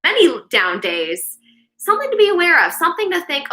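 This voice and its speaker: A woman's voice: very high-pitched, huge pitch swings, brisk, sharp tone, poor audio. A young adult woman hosting a daily live meditation stream, chatting in a casual, upbeat way with many fillers and restarts.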